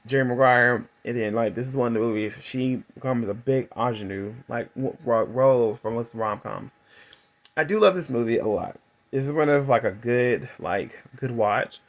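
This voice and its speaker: A man in his thirties recaps and reviews a movie at normal speed, chatty and laughing as he goes. He performs the characters' lines in a high voice.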